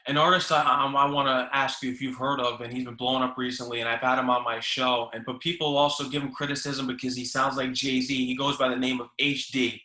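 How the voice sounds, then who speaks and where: Male show host, sharp and forceful tone, eager and agreeable, roomy echo. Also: mid-range voice, flat delivery. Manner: eager, agreeable, quick interjections. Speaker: podcast host. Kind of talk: casual interview chat.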